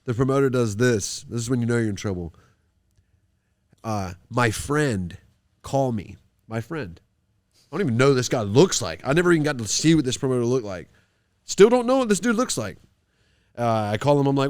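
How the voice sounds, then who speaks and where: A man in casual conversation, telling a story loudly and with energy, acting out the other people in it. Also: medium pitch, a little fast, no echo. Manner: animated, loud when quoting himself. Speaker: podcast guest, fighter. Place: gym mats.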